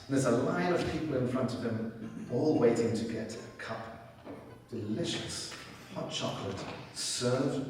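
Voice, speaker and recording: Storytelling man in an echoey hall. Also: mid-range voice. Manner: conversational storytelling, quotes himself in lively asides. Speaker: speaker at a spiritual center. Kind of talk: personal testimony talk. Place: large hall at a spiritual center. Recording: echoey hall, mic from far off.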